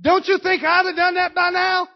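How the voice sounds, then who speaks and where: A woman preaching a sermon, impassioned and teasing her congregation, rising to shouts. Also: very high voice, little pitch movement, moderate pace, gravelly. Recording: dull lo-fi recording.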